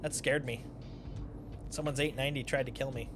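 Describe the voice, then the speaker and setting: A man's voice: mid-range voice, fairly even intonation, brisk. A young man streaming a game, chatting casually with playful, jokey asides. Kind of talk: casual gameplay commentary. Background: game music.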